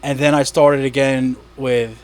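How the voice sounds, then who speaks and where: A man's voice: medium pitch, little pitch movement, unhurried, darkish tone. A man hosting a casual podcast, telling stories with lots of swearing and laughter. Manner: profane, laughing storyteller. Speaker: podcast host.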